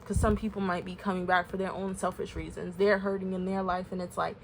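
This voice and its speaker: A woman's voice: lowish voice, flat delivery, a little fast, vocal fry, hardly any pauses, slight background noise. Candid chatty woman tarot reader. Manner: candid, emotional, chatty with fillers. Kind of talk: casual spoken tarot reading.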